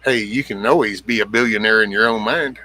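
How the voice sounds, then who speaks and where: Reading comments on a casual livestream, a middle-aged man talks briskly in a lowish, sharp voice, with a little hiss or hum on the recording. He's blunt and rambling, swears freely, and calls out viewers by name.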